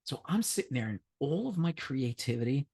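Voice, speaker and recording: A man's voice: mid-range voice, sing-song, a little fast, warm tone. A man co-hosting a podcast, telling a long anecdote in casual chat. He swears a lot, laughs often and acts out the voices of the people in his story. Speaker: podcast co-host.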